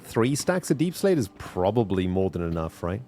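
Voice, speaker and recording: A man's voice: sits low, big pitch swings, normal speed, dark tone, faint music behind. A man streaming a video game, chatting casually and thinking aloud as he plays. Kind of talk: casual gaming livestream chat.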